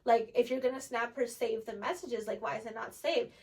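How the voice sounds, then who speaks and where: A woman's voice: fairly high pitch, fairly even intonation, fairly quick, creaky, a little mellow. A young woman telling a personal story in casual chat, candid and rambling, with frequent "like" and free swearing. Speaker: storyteller getting lashes done.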